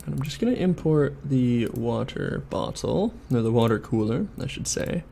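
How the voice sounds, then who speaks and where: While 3D modeling on a game dev stream, a Canadian man mutters his thoughts aloud and sometimes chats with viewers. His mid-range voice is expressive and dark-toned, with vocal fry, at normal speed amid slight background noise.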